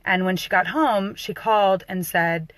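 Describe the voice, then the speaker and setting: A woman working as a doula, telling a personal story in a loose, animated way with fillers and restarts. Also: mid-range voice, a little slow, dry recording. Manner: animated, acts out quoted voices.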